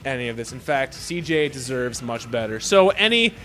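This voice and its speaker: A man co-hosting a podcast, joking crudely and teasing his co-host in animated, vulgar banter. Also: medium pitch, moderate pace, soft background music.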